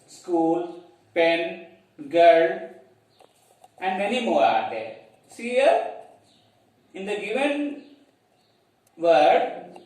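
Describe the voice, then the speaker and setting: Slow high-voiced Indian teacher, echoey room. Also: male voice. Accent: Telugu-accented English. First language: Telugu. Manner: slow, repetitive, spells words letter by letter, checks in with "clear, children?". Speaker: English teacher. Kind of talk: classroom grammar lesson. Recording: echoey room, distant mic.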